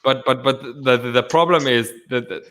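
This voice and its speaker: A man's voice: mid-range voice, moderate pace, fairly bright tone. Swearing, stammering male podcast host. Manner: profane, stammering restarts, laughs often. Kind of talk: casual chat over drinks.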